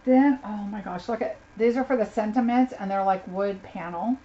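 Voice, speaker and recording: With a mellow, medium-pitched voice at a moderate pace, a woman chats through a live unboxing of craft supplies. She gushes and speaks to viewers by name, in slightly dull lo-fi audio with faint noise.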